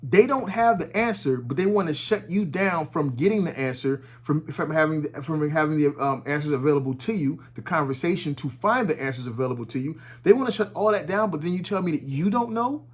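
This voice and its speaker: A man giving casual, animated commentary at home, talking with heavy profanity and frequent restarts. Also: fairly high pitch, fairly quick, hardly any pauses. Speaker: commentary vlogger. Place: at home with his dog nearby.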